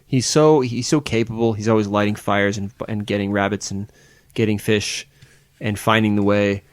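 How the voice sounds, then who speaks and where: Rambling low-voiced man on a podcast. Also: fairly even intonation, moderate pace, clear, resonant tone, no room sound. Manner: rambling, searching for words with many restarts. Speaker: podcast co-host. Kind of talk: casual chat.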